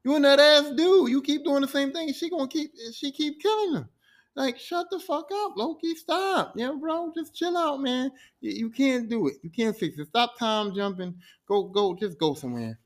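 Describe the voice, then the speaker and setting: A man's voice: very high voice, animated, normal speed, voice pushed up. A man voicing a smug, all-powerful male ruler of time who scolds and taunts with profanity. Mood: scolding.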